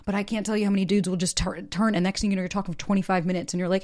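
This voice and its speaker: A woman hosting a casual podcast interview, chatty and animated, swearing casually. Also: medium pitch, racing. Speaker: podcast host.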